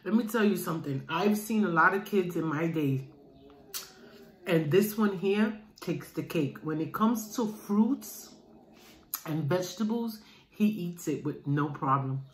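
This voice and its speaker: Chatty middle-aged woman vlogger, low voice, unhurried, recorded in an echoey room. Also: lively intonation. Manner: chatty, calls viewers "guys". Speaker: mukbang vlogger. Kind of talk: casual chat to viewers while eating. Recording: roomy room with faint noise.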